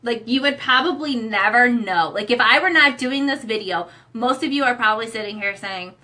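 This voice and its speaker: A young adult woman talking candidly with her husband about her anxiety, earnest and emotional, often pausing with fillers. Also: fairly high pitch, bright, forceful tone. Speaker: co-host, sharing her own experience. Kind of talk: candid couple conversation.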